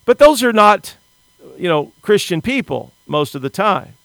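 A man's voice: sits high, big pitch swings, measured pace, vocal fry, a bit bright, no echo. A middle-aged man from the United States preaching a sermon, earnest and often repeating words as he starts a sentence.

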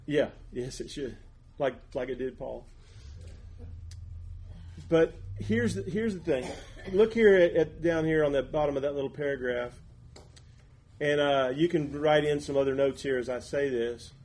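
A man teaching a Bible class in a conversational, folksy way, with halting restarts and asides. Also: a little high, darkish tone.

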